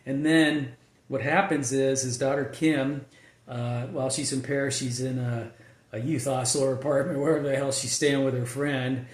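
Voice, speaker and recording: A man's voice: mid-range voice, level tone, moderate pace. A male screenwriter talking casually about his writing process, rambling with lots of fillers and restarts. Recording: echoey room.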